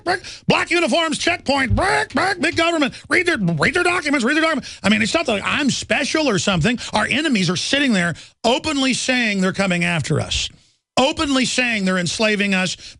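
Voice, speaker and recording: Man, middle-aged, talk radio host, urgent rant, higher pitch, dry studio sound. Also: vocal fry, fairly bright tone, dry recording. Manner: urgent, ranting, with many "uh" fillers. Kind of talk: impassioned radio monologue.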